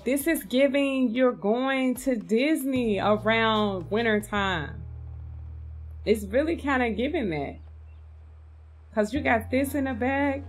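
A woman's voice: a little high, fairly bright tone. A woman giving casual, gushing commentary on a video game, chatting to her viewers and calling them "y'all". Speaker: game content creator.

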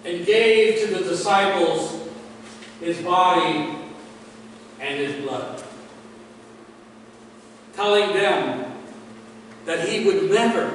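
A man's voice: on the high side, a little hiss or hum. A male pastor telling a story in a dramatic sermon, his voice falling away at the ends of phrases. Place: church. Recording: echoey hall from far off.

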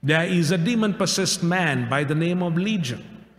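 A male pastor preaching a sermon in a measured way, with rhetorical questions and repeated phrases. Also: on the high side, lively intonation. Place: church sanctuary. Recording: echoey church hall.

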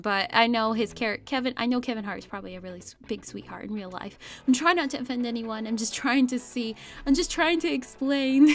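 A woman's voice: on the high side, fairly bright tone. A woman host rambling casually about her drawings, giggling often and second-guessing herself. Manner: rambling, giggly, self-conscious. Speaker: art channel host. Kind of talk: casual voice-over commentary.

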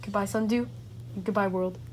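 A woman giving gameplay commentary to her viewers, swinging from low muttering to excited squealing shouts. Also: moderate pace, slight background noise. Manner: talks to viewers as guys. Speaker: gaming channel host.

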